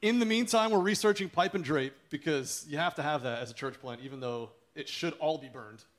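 A man with a somewhat high voice shares a testimony at a church service. He tells it as a lively story and acts out the people in it. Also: brisk. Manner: animated storytelling, acting out what others said. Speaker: church planter.

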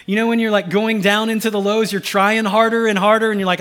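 A pastor preaching a sermon, swinging from loud urgency to a hushed, almost whispered delivery. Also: male voice, high voice, level tone, fast talker, hardly any pauses. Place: church sanctuary.

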